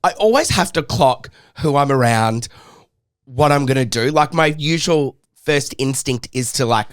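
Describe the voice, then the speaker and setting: A man's voice: medium pitch, expressive, a little slow, clean tone. A man co-hosting a podcast, telling a story in casual chat with lots of swearing and emphasis. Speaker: podcast co-host.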